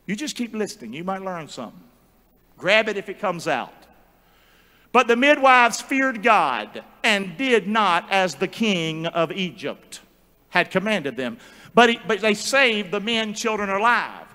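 Animated high-voiced preacher in a reverberant church. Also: male voice, measured pace. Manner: animated call-and-response, joking asides. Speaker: pastor. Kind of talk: sermon. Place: large church sanctuary. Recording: long church hall reverb.

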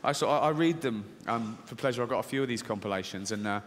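A man's voice: medium pitch, fast, slight background noise. A man performing stand-up comedy, sardonic and mocking, acting out little scenes. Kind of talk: stand-up routine. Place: large venue with audience. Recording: live hall recording with reverb.

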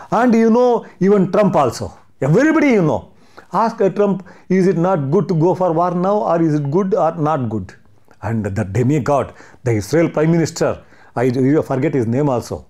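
A man's voice: on the high side, mellow. A man with an Indian English accent, giving an impassioned monologue full of indignant rhetorical questions and hesitant restarts. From Karnataka, India. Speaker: commentator.

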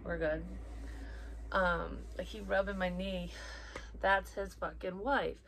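A woman's voice: medium pitch, fairly even intonation, slow pace, creaky, fairly bright tone, a little hiss or hum. A young woman talking casually as a psychic reader, blunt and rambling, swearing often and sometimes dropping to a whisper. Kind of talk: casual personal chat.

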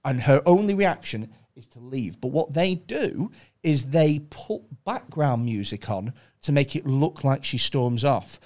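A man's voice: medium pitch, expressive, a little slow, darkish tone. A man hosting a podcast, telling stories expressively in casual chat, acting out quotes and swearing freely.

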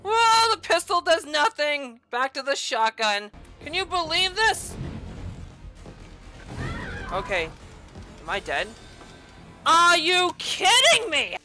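Gamer lady losing it at a game, high wild swooping voice, drawn-out yelling, sarcastic jokes in between. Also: very animated, soft background music. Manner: furious yelling and constant swearing at the game; sarcastic asides between outbursts. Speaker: gaming channel host. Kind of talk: gameplay commentary.

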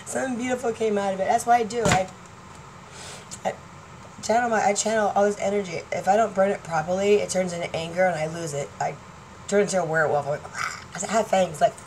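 A vlogger in her 40s rambles casually to her fans, chatty and scattered, laughing often and jumping from topic to topic. Her medium-pitched voice moves quickly with fairly even intonation, and there's faint noise in the background.

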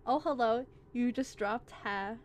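A woman giving excitable let's play commentary, reacting out loud and swearing as she plays. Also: a little high, measured pace, a little hiss or hum. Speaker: gaming channel host.

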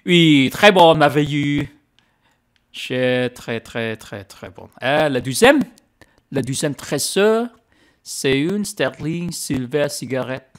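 A man putting on a hammy French-speaking gentleman persona during a gaming livestream, with theatrical, sing-song exclamations. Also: on the high side, expressive, takes it slowly. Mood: playful.

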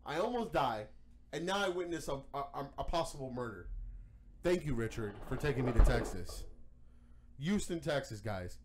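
A man hosting a podcast, telling a story in casual chat, animated and profane. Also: medium pitch, moderate pace, background noise. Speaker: podcast host.

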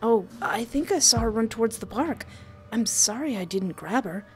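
A woman's voice: on the high side, lively intonation, moderate pace, lightly acted. A woman reading the lines of a helpful young man neighbor, in a plain, apologetic way. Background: game music.

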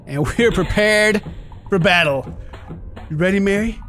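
Man, high bright voice, goofy excitable game commentator, shouts a lot; casual, faint music behind. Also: measured pace, pauses often. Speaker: YouTube gaming commentator.

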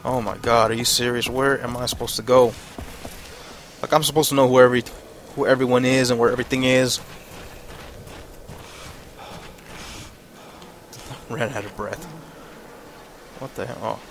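A man's voice: mid-range voice, fairly even intonation, measured pace, long pauses, fairly bright tone, a little hiss or hum. A man giving casual, frustrated commentary over his gameplay, swearing and thinking aloud. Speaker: let's play gamer.

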